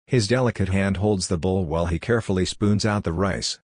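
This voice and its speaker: A man narrating a story in an even, measured reading. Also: deep voice, breathy edge, no room sound, clean studio sound. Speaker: audiobook reader.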